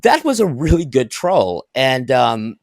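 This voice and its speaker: A man's voice: medium pitch, sing-song, a little slow, gravelly, dry recording. A man on a live stream video call, rambling and heated, with many stammered restarts. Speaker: stream guest. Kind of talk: heated casual stream chat.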